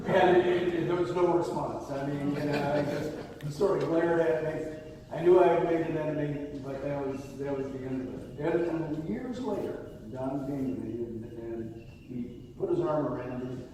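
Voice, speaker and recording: An older man, a retired police detective, telling anecdotes in an interview, with animated delivery and frequent restarts. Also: a little high, slight background noise. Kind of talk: interview storytelling. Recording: echoey hall, far from mic.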